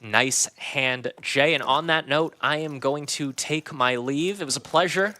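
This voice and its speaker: A man working as a guest commentator on a live poker stream, calmly explaining a player's likely thinking. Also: a little high, a little slow. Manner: analytical, talks through a player's thinking.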